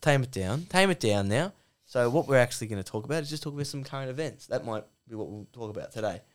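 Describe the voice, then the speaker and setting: A man with an Australian accent voicing a calm, placating male pundit who talks things down quietly. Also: fast talker, close to an everyday voice. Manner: soothing, low-key, placating.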